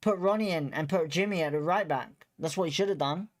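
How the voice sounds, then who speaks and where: A man's voice: fairly high pitch, fairly quick. A young man, hosting a football watchalong and ranting after the match in a blunt, repetitive, frustrated way full of swearing. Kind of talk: heated post-match fan rant.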